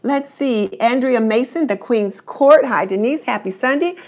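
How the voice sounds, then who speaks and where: A woman's voice: fairly high pitch, unhurried, a little mellow. A middle-aged woman hosting a casual live stream, chatting and greeting viewers by name.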